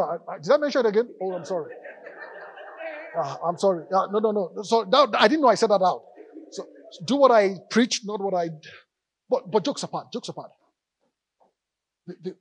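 A male pastor preaching a lively sermon in church, calling out to the congregation and joking between points. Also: high-pitched, slightly rough, no room sound. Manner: animated preaching with audience call-outs and jokes.

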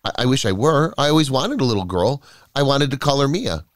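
A man voicing a gentle, bewildered woman in her thirties in a storybook, speaking softly and haltingly. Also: mid-range voice, sing-song, no echo, clean studio sound, pitched above the performer's own voice, lightly acted. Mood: wistful. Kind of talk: storybook character voice.

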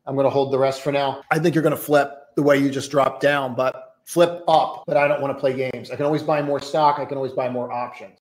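Emphatic man coaching on trades, roomy sound. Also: mid-range voice. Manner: emphatic, repetitive, coaching tone with rhetorical questions. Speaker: trading educator. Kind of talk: energetic trading commentary. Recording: roomy echo.

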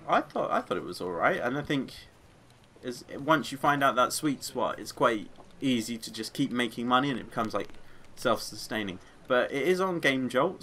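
Man, let's play commentary, bright and forceful tone, mid pitch, chatty, rambling, goes off on tangents. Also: a little hiss or hum. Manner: rambling, chatty, easily sidetracked; sings along to music. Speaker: gaming video creator.

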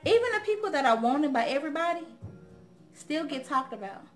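A woman's voice: sits high, big pitch swings, brisk, soft background music. A young woman hosting her own channel, talking straight to the viewers in a casual, outspoken chat and telling stories with a lot of animation. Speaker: vlog host.

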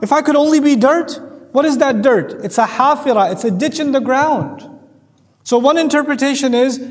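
A man giving a lively Quran commentary lecture, acting out voices and quoting Arabic verses. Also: very high voice, moderate pace, big-room sound. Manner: animated, acts out voices and quotes Arabic verses. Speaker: Quran teacher.

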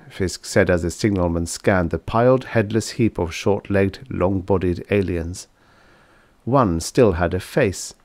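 Male narrator, low voice, steady measured audiobook reading, dry close recording. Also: no echo.

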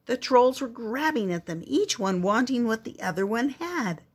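Grandmother storyteller, husky, expressive read-aloud. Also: on the high side, moderate pace. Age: older. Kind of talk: reading a picture book aloud.

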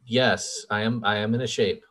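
A man's voice: on the low side, steady tone, moderate pace, fairly bright tone. A man playing in a tabletop game, chatting casually and joking at his own expense. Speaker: player. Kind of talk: casual chat.

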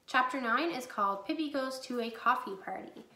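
A woman teacher reading a chapter book aloud to her class in a clear, steady storytelling voice. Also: sits high, moderate pace. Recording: echoey room.

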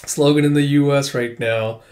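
A man's voice: mid-range voice, fairly even intonation, normal speed, darkish tone, a little hiss or hum. A man casually narrating and reacting to a comic chapter, chatty and often laughing. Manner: chatty, laughing, many fillers. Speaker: comic read-through host. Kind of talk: casual commentary.

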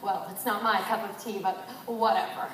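A teenage girl playing an excitable, mischievous cast member who mocks and interrupts in a school chapel comedy skit. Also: medium pitch, moderate pace, heavy background noise, natural voice. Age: teens. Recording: echoey hall, distant mic, music.

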